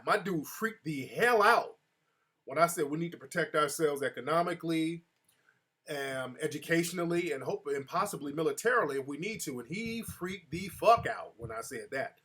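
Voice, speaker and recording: Animated man hosting a live talk show. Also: on the high side, normal speed, breathy edge. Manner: animated storytelling, addresses chat viewers by name. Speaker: show host. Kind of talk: casual live-stream talk show chat.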